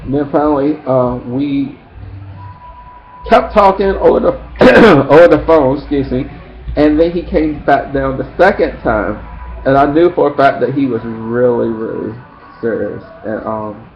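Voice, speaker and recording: A man telling a personal story in a casual, rambling way, acting out friends' lines in shrill high voices. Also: measured pace, faint music behind. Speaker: vlogger. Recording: dull lo-fi sound with faint background noise.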